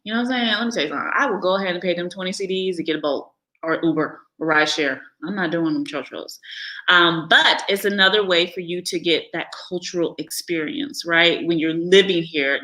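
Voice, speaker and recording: An American woman with an African American English accent, chatting candidly in a live vlog, laughing often and slipping into animated impressions. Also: on the low side, a little fast, rough recording. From United States. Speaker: vlogger living abroad. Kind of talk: casual live-stream monologue.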